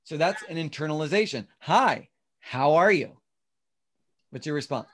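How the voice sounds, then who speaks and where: With lively intonation and a moderate pace, this mid-range voice belongs to a real estate class instructor on a video call. The online lesson moves step by step and includes acted-out sample lines.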